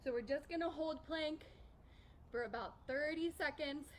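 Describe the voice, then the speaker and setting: A woman's voice: high voice, normal speed, slight background noise. A young woman coaching a workout class, upbeat and encouraging, counting reps aloud while out of breath. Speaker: fitness instructor.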